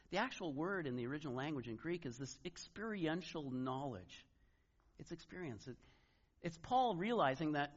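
Give me a middle-aged man delivering a sermon in a relaxed, conversational way, slipping into animated little voices for the people in his stories. His voice sits a bit high for a man. The recording is dull and lo-fi, with the top end muffled. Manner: conversational, animated retelling with acted asides. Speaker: pastor.

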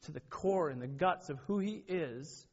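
A man's voice: fairly high pitch, animated, moderate pace. A middle-aged man preaching a sermon in an earnest, conversational way, with personal stories and frequent self-corrections. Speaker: pastor. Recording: dull lo-fi sermon recording.

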